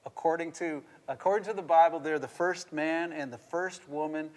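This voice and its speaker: A middle-aged man, a pastor, teaching a marriage devotional in a playful, animated way and laughing as he goes. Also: a little high, moderate pace. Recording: long reverb.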